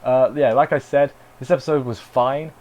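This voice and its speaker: A man's voice: medium pitch, fairly even intonation, normal speed, a little mellow, highs cut off. Guy rambling through an anime review, dry sarcastic asides. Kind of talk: casual spoken review.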